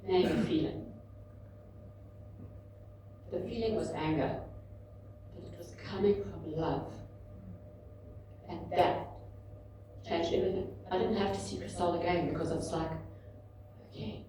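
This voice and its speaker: A woman in her fifties giving a candid, animated talk at a book launch, telling personal stories to an audience. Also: lowish voice, normal speed, long pauses, a little hiss or hum. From South Africa. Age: 50s. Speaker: author and speaker. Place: large indoor event room. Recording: echoey hall, mic at a distance.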